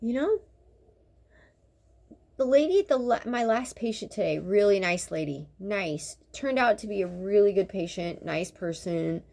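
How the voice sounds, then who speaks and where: A woman's voice: medium pitch, lively intonation, measured pace, vocal fry, darkish tone. A woman in her fifties who works in dentistry, venting in a blunt, profane, sarcastic monologue that rambles with exasperation. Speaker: dental practitioner.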